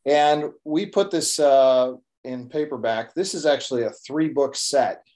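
A man's voice: mid-range voice, measured pace, a little mellow. A man co-hosting a podcast, chatting casually and rambling a little with fillers. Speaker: podcast co-host and author. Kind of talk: casual chat.

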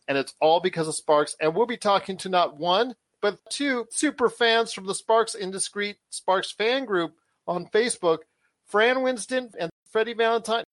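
A man's voice: high-pitched, fairly bright tone, dry recording. A man hosting a casual podcast chat, talking in an enthusiastic, rambling way with frequent restarts. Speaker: show host.

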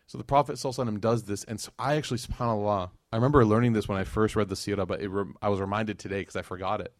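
Man, lecturer, casual storytelling, animated asides, dry close sound. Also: on the low side, rapid-fire, hardly any pauses, dry recording. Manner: conversational, animated, slangy asides. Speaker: Islamic lecturer.

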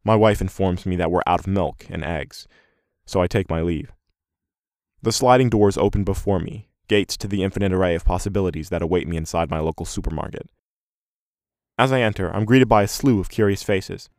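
Casting: male narrator for a first-person story, measured delivery, very low voice, dry close read. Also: a little mellow, dry recording.

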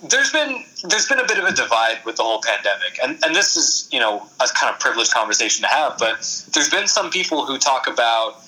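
A man's voice: mid-range voice, sing-song, rough recording. A man who is a guest on a podcast, talking casually in an effusive way and laughing readily. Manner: effusive, warm-hearted, quick to laugh.

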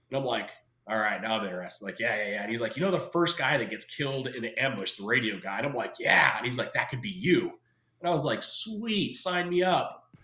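A guest from California, a man with a mid-range, pushed and bright voice, tells stories in a laid-back, slangy way and acts out the voices of the people he quotes. The recording has a roomy echo.

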